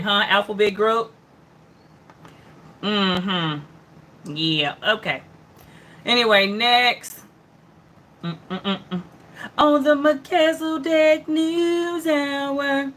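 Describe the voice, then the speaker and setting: A woman's voice: on the high side, very slow, pauses often, a bit bright. A woman hosting an online news hour, reading headlines aloud and reacting in a loose, chatty way, with lots of mm-hmms and asides to viewers. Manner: greets and answers viewers by name. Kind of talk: casual livestream headline commentary.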